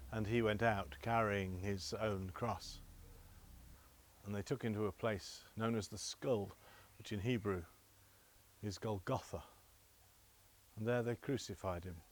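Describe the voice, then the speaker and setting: A man retelling scripture slowly and deliberately, with small restarts. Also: fairly low pitch. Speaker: scripture reader. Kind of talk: scripture storytelling.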